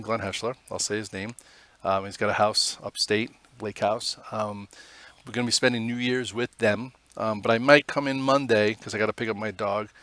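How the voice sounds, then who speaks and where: A man's voice: on the low side, a bit bright, no room sound. A middle-aged man giving a casual daily market recap, chatty and rambling in a conversational way. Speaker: market commentator and trader.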